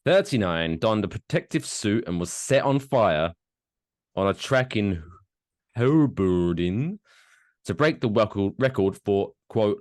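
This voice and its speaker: A man's voice: on the low side, animated, measured pace, no echo. A man co-hosting a podcast, joking and swearing in casual banter into a close mic. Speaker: podcast co-host.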